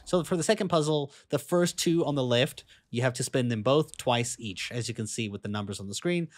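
A man's voice: mid-range voice, a little fast, no room sound. Chatty man walking through game steps. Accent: non-native English accent. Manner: relaxed, chatty, step-by-step instructions. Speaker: gaming guide creator. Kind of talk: game walkthrough voice-over.

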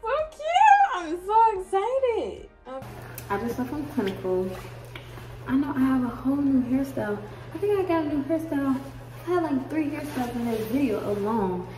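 A woman's voice: high-pitched, expressive, a little fast, mellow, faint music behind. Chatty young woman vlogging to phone. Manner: chatty, addresses viewers as "y'all". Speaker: vlogger and x-ray student. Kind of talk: casual vlog to camera. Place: out and about, car, shops, home.

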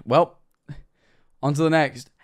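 A young man streaming live, reacting to clips with excited chatter, loud exclamations and frequent swearing. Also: on the high side, takes it slowly.

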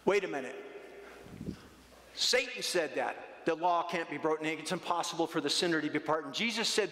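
A man's voice: on the high side, lively intonation, moderate pace, fairly bright tone, a little hiss or hum. A male pastor preaching a sermon in a church sanctuary, emphatic and conversational, acting out voices of the figures he quotes. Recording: echoey church hall.

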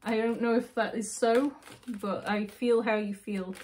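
A woman's voice: a little high, fairly even intonation, measured pace, a little mellow, a little hiss or hum. Woman tarot reader, emotional and intuitive, thinks aloud, restarts her sentences. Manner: emotional, intuitive, self-interrupting. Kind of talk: tarot reading video.

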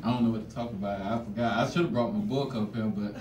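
A man's voice: lowish voice, fairly even intonation, quick pace, darkish tone, echoey room, far from the mic, slight background noise. A man doing his first stand-up set, telling slangy stories and laughing through his own lines. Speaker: stand-up comedian. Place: comedy stage.

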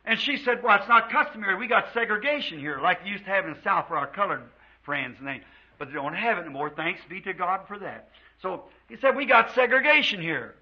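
A man's voice: sits high, animated, fast, slightly rough. A man from the United States preaching a fervent sermon to a congregation in a church, drawing out quotes of scripture. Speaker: pastor. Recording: dull lo-fi old sermon tape.

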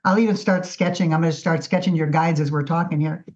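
A woman guest artist telling her story in a casual, animated interview. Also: sits low, fast. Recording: dull lo-fi audio.

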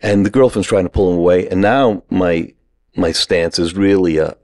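A man telling a lively anecdote in a casual podcast chat, acting out the people he quotes. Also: sits low, moderate pace, no echo. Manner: animated anecdote teller who acts out quotes. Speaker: podcast guest. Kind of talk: casual storytelling.

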